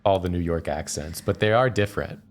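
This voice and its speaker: Low-voiced man chatting over a game. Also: brisk. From Georgia, US. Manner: relaxed storytelling. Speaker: co-host. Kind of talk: casual let's-play chat.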